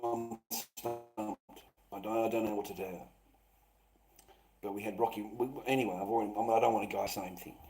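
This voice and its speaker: A man hosting a live stream, rambling and swearing, who swings between loud outbursts and low muttering. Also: fairly even intonation, moderate pace, soft background music, rough recording. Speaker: livestream host.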